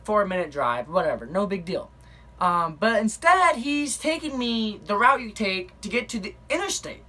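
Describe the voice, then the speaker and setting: A woman's voice: medium pitch, animated, normal speed, sharp tone. A young woman telling a personal story in a chatty, rambling way, full of fillers and little laughs. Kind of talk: casual spoken storytelling.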